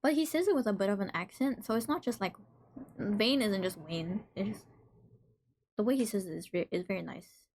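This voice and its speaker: A woman's voice: medium pitch, lively intonation, fast talker, a little mellow. A woman hosting a live stream in casual chat, reading out messages from viewers and reacting to them playfully. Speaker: livestream host.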